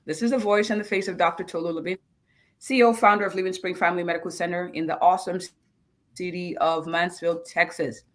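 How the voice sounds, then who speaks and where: Upbeat doctor-host, mid pitch, repeats phrases for emphasis, live web chat. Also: fairly even intonation, quick pace. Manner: enthusiastic, repeats words. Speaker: physician hosting a live web show. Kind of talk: upbeat interview hosting.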